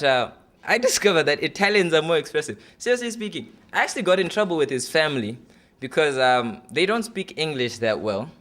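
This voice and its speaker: A man's voice: mid-range voice, fairly bright tone. A man in his twenties performing a stand-up comedy audition set, loose and chatty with many fillers. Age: 20s.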